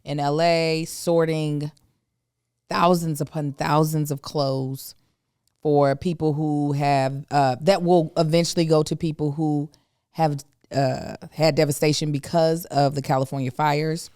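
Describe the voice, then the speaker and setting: A middle-aged woman co-hosting a casual podcast. She talks in a lively, teasing way, and her voice comes through smooth and clear. The recording is dry and close. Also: low-pitched, unhurried, no echo. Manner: animated, playful teasing. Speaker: podcast co-host. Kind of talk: casual chat.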